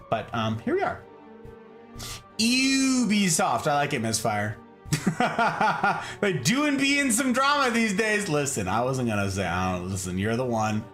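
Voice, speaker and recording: A man's voice: on the low side, a bit bright. An American man in his thirties streaming casually, chatting with viewers in a playful, joking way. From United States. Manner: playful, jokey, drops into mock German asides. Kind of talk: casual live-stream chat reading out chat.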